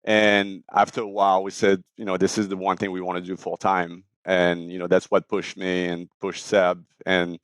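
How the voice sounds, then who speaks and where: A man in his forties with a French accent, explaining his startup in an interview with frequent pauses and fillers. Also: deep voice, monotone, no echo. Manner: many fillers and restarts, explanatory. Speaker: startup founder, guest. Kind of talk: casual interview talk.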